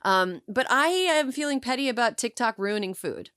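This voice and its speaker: A woman hosting a podcast, talking in a brisk, opinionated, casual way. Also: a little high, animated, a bit bright, clear, resonant tone, dry recording, studio quality. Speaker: podcast host. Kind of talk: casual chat.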